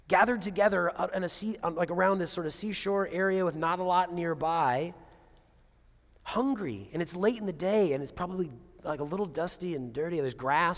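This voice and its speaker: A man's voice: high-pitched, fairly bright tone. A male pastor preaching a conversational sermon, full of asides and rhetorical questions. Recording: long reverb of a large hall.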